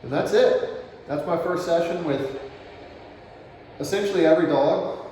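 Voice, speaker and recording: A relaxed man explains dog training as he works, often softening into quiet praise. He sounds set back from the microphone, with a lot of roomy echo and a faint ambient hum behind him. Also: on the high side, a little slow. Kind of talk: explaining while demonstrating. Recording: distant, roomy outdoor camera audio.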